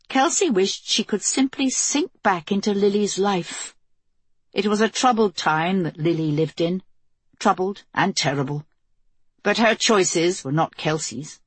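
Husky, low-voiced woman narrating an audiobook. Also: no room sound. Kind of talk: scripted narration.

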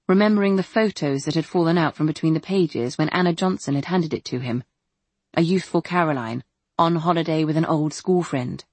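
Low-voiced woman narrating an audiobook. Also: darkish tone, husky, dry recording. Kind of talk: scripted narration.

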